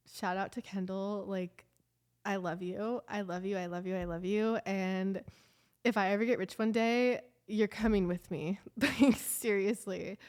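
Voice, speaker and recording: A woman's voice: medium pitch, a little mellow. A young woman vlogging in a casual confessional chat, emotional and rambling, full of "like" fillers.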